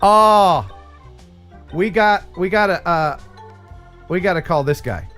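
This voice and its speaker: A man's voice: high-pitched, moderate pace, fairly bright tone, soft background music. A man from Alabama with an Alabama accent, hosting a live stream chat and laughing often. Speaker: host.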